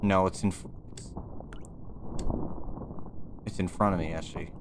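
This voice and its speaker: A man's voice: low-pitched, steady tone, a little slow, noisy background. A young man streaming a game, talking nervously to himself and his chat and swearing as he plays. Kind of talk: gaming livestream commentary.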